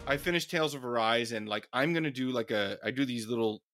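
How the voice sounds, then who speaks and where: A middle-aged man, co-hosting a casual gaming podcast and ranting in an animated, profane way into a podcast mic. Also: mid-range voice, fast, music in the background. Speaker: podcast co-host.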